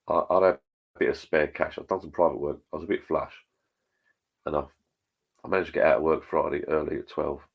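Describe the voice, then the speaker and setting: A middle-aged man with a rumbling low, husky voice hosts a live stream. He chats bluntly, swears plenty, and reads out viewer comments in a rambling, pub-talk manner.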